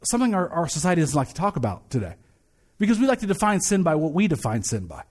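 A man preaching a conversational sermon, casual and joking, often restarting and repeating words, and reading a creed slowly. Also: a little high, huge pitch swings, darkish tone, breathy edge. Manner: recites the creed slowly and deliberately. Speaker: pastor.

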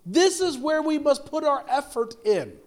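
Middle-aged male pastor, fairly high voice, chatty sermon delivery, rhetorical questions, frequent restarts. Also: big pitch swings, a little slow. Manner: conversational preaching with repeated rhetorical questions and stammered restarts.

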